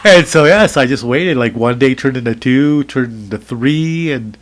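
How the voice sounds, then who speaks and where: A middle-aged man, a podcast co-host, telling a story in casual chat, animated and rambling with lots of fillers and restarts. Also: medium pitch, moderate pace.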